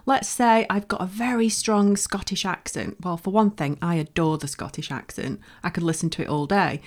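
Hosting her own solo podcast, a Bolton woman with a Lancashire accent gives blunt, forceful encouragement. She speaks at a moderate pace in a mid-range voice with lively intonation.

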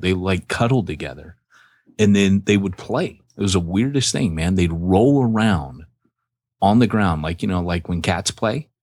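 A man co-hosting a podcast, bantering in a relaxed, joking way. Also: deep voice, slightly rough, dry recording. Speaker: podcast co-host. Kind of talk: casual podcast chat.

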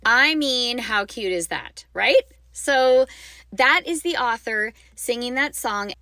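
A woman's voice: on the high side, lively intonation, slow pace. A woman hosting a podcast for music teachers, talking in a chatty, enthusiastic way and wandering off on side notes. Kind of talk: casual podcast talk.

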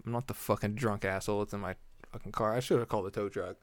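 A man's voice: lowish voice, fast talker, no room sound. Guy telling a story, swears constantly, keeps laughing, dry close sound. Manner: profane, laughing often while telling the story; animated retelling, acting out exchanges. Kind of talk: casual storytelling monologue.

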